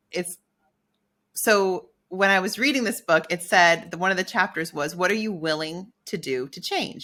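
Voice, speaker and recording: A middle-aged woman telling a personal story on a podcast. Her voice sits low and has a bright, forceful edge. She speaks candidly and acts out her own thoughts as she goes. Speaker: podcast co-host.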